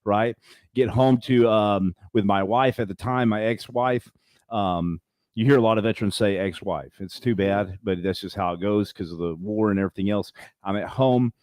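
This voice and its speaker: Brief: male guest storyteller, low voice, dry close sound, animated and rambling. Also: normal speed, dry recording. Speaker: podcast guest. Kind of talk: casual interview. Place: his home.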